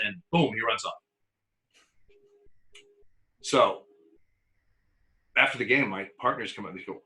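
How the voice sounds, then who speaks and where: A man's voice: medium pitch, fairly quick, long pauses, bright, forceful tone, low-quality recording. An older man who is a former umpire, telling stories in a casual interview with lots of animation, frequent laughter and repeated words.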